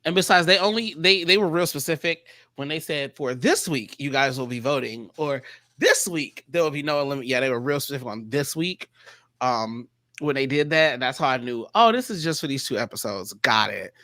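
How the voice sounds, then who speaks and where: A man hosting a casual panel chat, animated and quick to act out other people's lines. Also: mid-range voice, dry recording. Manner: animated, quotes people in exaggerated voices. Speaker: panel host.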